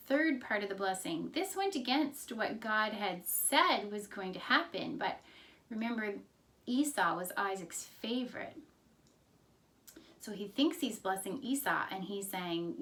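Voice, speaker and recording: Slow-paced woman telling a Bible story. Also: mid-range voice, animated, a bit bright, recorded from a distance. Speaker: Sunday school teacher. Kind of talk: Bible story lesson narration.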